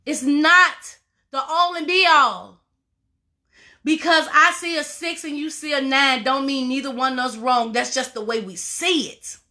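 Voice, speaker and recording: A woman's voice: high voice, steady tone, a little slow, pushed and bright. A woman life coach giving a motivational talk to viewers, emphatic and informal, repeating her phrases and calling listeners y'all and baby.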